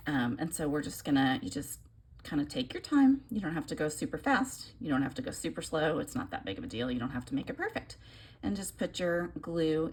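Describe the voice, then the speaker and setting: Lady rambling thru a craft demo, real low husky voice, bounces around a lot. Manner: chatty, rambling, self-deprecating. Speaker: papercraft tutorial host. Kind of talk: casual craft demonstration.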